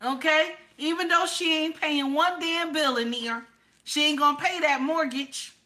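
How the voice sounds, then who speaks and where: A woman's voice: high voice, unhurried. A woman, host of a casual livestream who reads chat comments aloud and teases her viewers. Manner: animated, teasing, talks straight to chat viewers.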